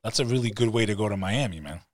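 A man hosting a podcast, asking quick, conversational follow-up questions. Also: lowish voice, no room sound, clean studio sound. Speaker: podcast host. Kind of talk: casual interview.

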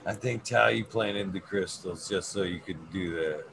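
A man's voice: low voice, moderate pace, gravelly. A middle-aged man chatting casually as a podcast co-host, laid-back, swearing a lot and laughing often. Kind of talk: casual chat. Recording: noisy room ambience.

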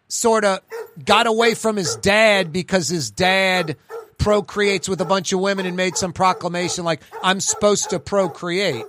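A man's voice: high-pitched, a bit bright, a little hiss or hum. A man with a New Orleans accent hosting a radio talk show, rambling through stories and news. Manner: rambling, chatty, digressive. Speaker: radio host.

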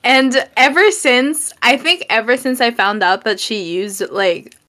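Bright, giggly young woman chatting. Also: a little high, unhurried. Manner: giggly, rambling, heavy on filler words. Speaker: podcast co-host. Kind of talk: casual chat.

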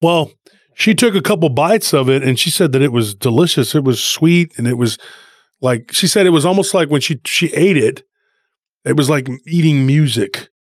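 Male podcast co-host, rambling animated storyteller, dry close sound. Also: on the high side, moderate pace, no room sound. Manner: rambling, animated retelling with frequent restarts.

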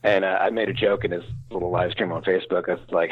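Fast-talking man, low voice, dry dull sound. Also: steady tone, slightly rough, no room sound. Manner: rambling, frank, self-deprecating, many restarts. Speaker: voice actor guest. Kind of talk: casual interview talk.

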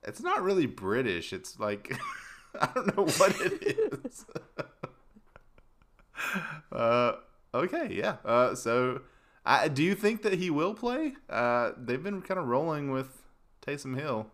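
A man's voice: mid-range voice, sing-song, takes it slowly, long pauses, a bit bright. A man hosting a casual sports podcast, laughing often and rambling loosely. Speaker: podcast host.

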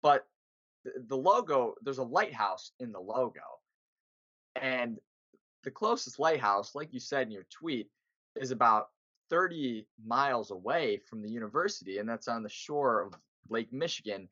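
A man co-hosting a podcast in casual sports chat, animated and pressing with emphatic questions. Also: mid-range voice, normal speed, dry recording. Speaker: podcast co-host. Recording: dull lo-fi sound.

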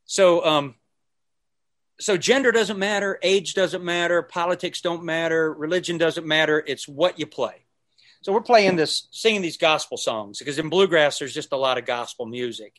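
A man's voice: fairly high pitch, moderate pace. A man who is a podcast guest, telling stories in a casual conversation and acting out the people he quotes. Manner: animated storyteller who acts out quotes and sings snippets.

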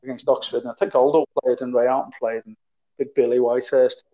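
A former footballer, a man, spins stories in an easy, rambling way, doubling words and letting sentences trail off. His voice sits at an ordinary middle pitch. The audio is slightly muffled and lo-fi. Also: fairly even intonation, fast. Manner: chatty, repeats words, trails off. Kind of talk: casual anecdotal storytelling.

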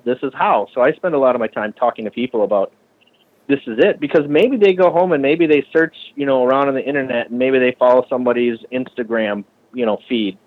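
A man from the Minneapolis area who runs a shop and builds bikes, talking casually and with lots of swearing, often acting out other people's lines in a higher voice. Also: phone-quality sound. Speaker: shop owner and bike builder. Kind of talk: casual podcast conversation.

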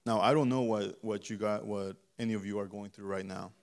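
A man's voice: fairly low pitch, steady tone, brisk. A man preaching a sermon in a church, his voice giving out, with a fervent, repetitive cadence that moves into a closing prayer.

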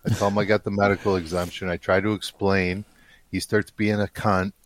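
A man with a deep, low voice tells a story in casual conversation. His manner is blunt and angry, and he swears in nearly every sentence. The sound is dry and close, with no room around it. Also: level tone, brisk, no room sound. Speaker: guest telling a story.

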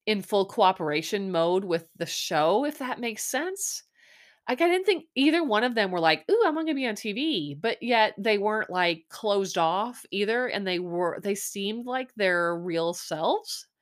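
Young woman podcast host from Missouri, slightly low voice, chatty and rambling with plenty of fillers. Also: a bit bright. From Missouri, USA. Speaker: podcast host recapping a reality show. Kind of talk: casual chat.

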